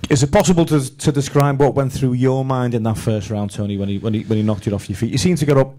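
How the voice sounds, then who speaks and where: A man's voice: mid-range voice, fast talker, warm tone. A man hosting a live fan evening, asking conversational interview questions with teasing asides. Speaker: compere.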